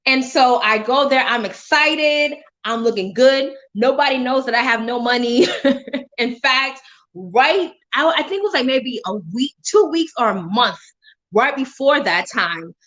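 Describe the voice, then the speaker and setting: A woman with a bright, high voice gives a faith testimony to her live-stream viewers. She talks with a preacher's emphasis and breaks into laughter often. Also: rough recording. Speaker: motivational speaker on a live stream.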